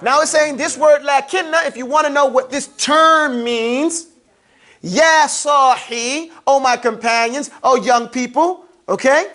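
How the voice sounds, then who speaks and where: In a relaxed classroom, this teacher's voice sits high with a fairly bright tone. The grammar lesson is full of questions to students and checks on their understanding, with terms stretched out slowly for drilling.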